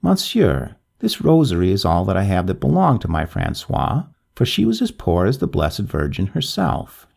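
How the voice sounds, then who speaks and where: A man voicing a dying, pious Breton peasant who speaks quietly, calmly and courteously. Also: sits low, normal speed, gravelly, hardly any pauses, husky, heavily acted. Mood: gentle.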